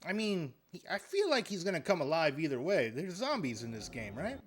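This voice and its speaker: A man's voice: fairly high pitch, big pitch swings, fairly quick, soft background music. A man giving live gameplay commentary as a streamer, joking and chatting with his viewers while he plays.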